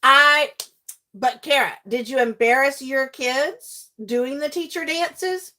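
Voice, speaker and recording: A middle-aged woman with a somewhat high voice chats with her livestream viewers as she works on a craft. She talks in a lively, animated way, laughs often, and breaks off to greet viewers by name. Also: slow. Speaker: livestream host and teacher. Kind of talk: casual chat with viewers while crafting.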